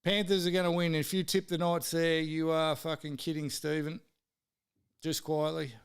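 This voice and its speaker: Swearing, teasing Australian man, smooth voice. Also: a little high, level tone, moderate pace. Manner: swears freely, teases viewers and mates in the chat. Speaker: live-stream host. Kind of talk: casual live-stream footy tipping chat.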